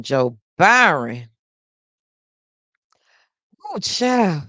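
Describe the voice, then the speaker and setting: A low-pitched woman hosts a casual live stream reacting to news, speaking directly to viewers in an animated, chatty way. She exclaims often and repeats phrases for effect, with no room sound.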